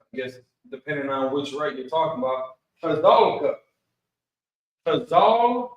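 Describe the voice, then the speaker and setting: A man's voice: mid-range voice, little pitch movement, a little fast, dull audio. A man teaching an online Bible class, casual and easygoing, using slang as he walks learners through Hebrew words. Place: Milwaukee, Wisconsin. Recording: echoey room, voice from far off the mic.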